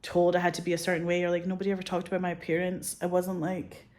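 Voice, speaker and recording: Animated woman, lower voice. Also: quick pace. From Scotland. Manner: animated and candid, frequent swearing, fillers like "like", acts out quotes. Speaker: filmmaker guest. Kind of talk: casual interview chat.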